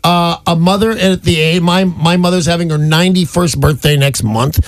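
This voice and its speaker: A man's voice: fairly high pitch, steady tone, moderate pace, dry recording. A man hosting a call-in radio advice show, talking to a caller in a frank, blunt, matey way. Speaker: radio host giving advice. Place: radio studio. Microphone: studio microphone.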